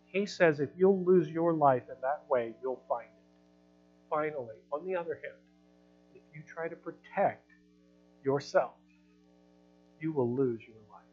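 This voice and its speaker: A male pastor preaches in a relaxed, conversational way, acting out quotes and laughing at his own asides. His voice sits a little high for a man. The recording is dull and lo-fi, with faint music in the background. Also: unhurried, pauses often. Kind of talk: sermon. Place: church hall.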